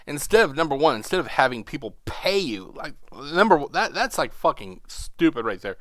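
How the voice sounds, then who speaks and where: A man's voice: a little high, very animated, moderate pace, few pauses, no echo, studio quality. A man hosting a reaction video, ranting with profanity and sarcasm. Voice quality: mocking, sarcastic.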